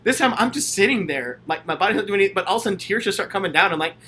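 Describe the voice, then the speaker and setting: Man, casual livestream Q&A, enthusiastic and gushing, chatty with lots of fillers, bright forceful tone, handheld camera. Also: high-pitched, animated, racing, slight background noise. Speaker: channel host answering viewer questions. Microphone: handheld camera, self-filmed.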